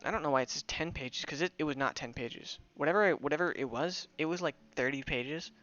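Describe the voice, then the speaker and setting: A man's voice: fairly high pitch, quick pace, a bit bright, lo-fi sound. Rambling young man streaming a game. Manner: rambling, with many restarts and fillers. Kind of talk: casual gameplay commentary.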